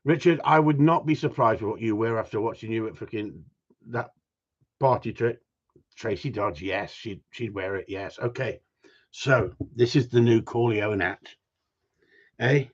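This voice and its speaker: A man's voice: mid-range voice, normal speed. A man, hosting a casual live stream, reading out viewer comments and teasing his audience with jokes and mild swearing. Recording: dull lo-fi sound.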